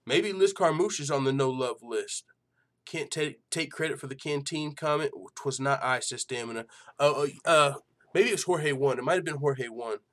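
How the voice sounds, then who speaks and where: A man's voice: fairly high pitch, moderate pace. A man hosting an MMA news channel in casual chat, swearing freely and laughing often. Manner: loose and profane, laughs a lot, lots of fillers.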